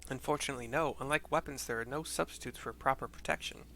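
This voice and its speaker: A man's voice: mid-range voice, quick pace, bright, forceful tone, soft background music. A man voicing an earnest young village man who leads local rebels.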